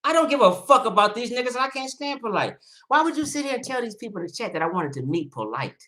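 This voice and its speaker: A man's voice: very animated, fast talker. Heated, profane man ranting on a livestream. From Los Angeles. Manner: swings between loud outbursts and low muttering. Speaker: livestream host. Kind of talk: livestream commentary rant.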